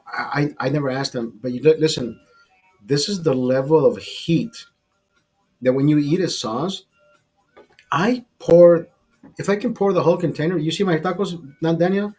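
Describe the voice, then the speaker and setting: A middle-aged man hosting a podcast, telling a profane, animated anecdote in casual chat and acting out the quotes. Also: on the high side, normal speed, husky, soft background music. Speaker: podcast host telling a story.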